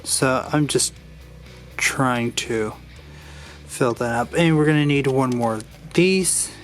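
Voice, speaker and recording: A man's voice: mid-range voice, slow pace, soft background music. Rambling young-sounding man explaining a build. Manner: rambling, digressive, restarts sentences. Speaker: Lego build reviewer. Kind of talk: casual build tutorial with rambling personal story.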